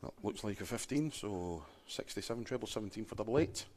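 A man commentating on a darts match in a relaxed, chatty way, laughing easily between calls. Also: lowish voice, fast talker. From Wales. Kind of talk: live sports commentary.

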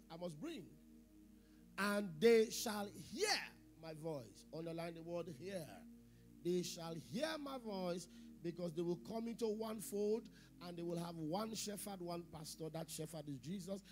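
A middle-aged man preaching a sermon as pastor, asking the congregation questions, repeating phrases, and swinging between loud emphasis and quiet asides. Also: high-pitched.

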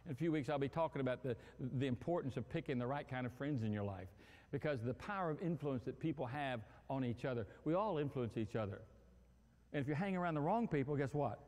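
Animated preacher man in an echoing hall. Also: mid-range voice, fast talker. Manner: animated, acts out quarrels and phone calls with humor. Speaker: pastor. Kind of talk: sermon.

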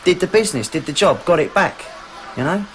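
A man's voice: high voice, animated, a little fast, a little hiss or hum. An actor playing a boastful, swaggering man in a crime film. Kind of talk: film dialogue.

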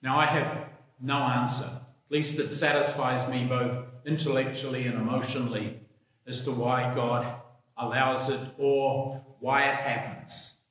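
A man, a priest, reading the gospel and preaching a sermon in a slow, measured, reflective way. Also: mid-range voice, little pitch movement, fairly bright tone. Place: church. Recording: echoey church hall.

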